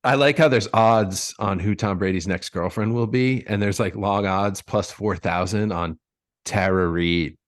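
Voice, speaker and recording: A man's voice: on the low side, unhurried. A man hosting a casual podcast chat, playful and jokey, laughing often. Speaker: podcast host.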